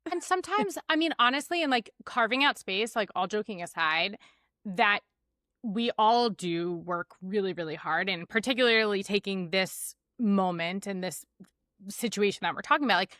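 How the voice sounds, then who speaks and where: A woman in her thirties co-hosts a casual podcast, talking in an animated, rambling way full of fillers. Her voice is bright and forward. The sound is dry and close. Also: mid-range voice, moderate pace, no room sound. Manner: animated, chatty, lots of fillers. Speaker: podcast co-host. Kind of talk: casual chat.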